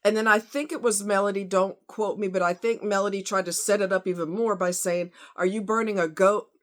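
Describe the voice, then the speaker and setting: Outspoken woman true crime vlogger, casual and heated, talks straight to her viewers, mid-pitched voice. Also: steady tone, brisk. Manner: blunt, outspoken, fired-up; talks to viewers as y'all and honey.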